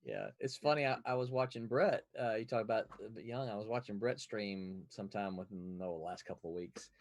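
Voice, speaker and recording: A man's voice: on the low side, brisk, dry recording. A man hosting a casual stream chat, speaking with many hesitations and fillers. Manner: hesitant, filler-heavy, chuckling.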